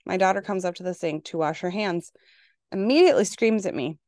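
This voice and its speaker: A woman from Minnesota in her forties, hosting a casual podcast monologue and telling parenting stories in an exasperated, animated way. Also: fairly low pitch, a little fast, dry recording, studio quality. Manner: exasperated, animated storytelling with acted-out quotes. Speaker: podcast host.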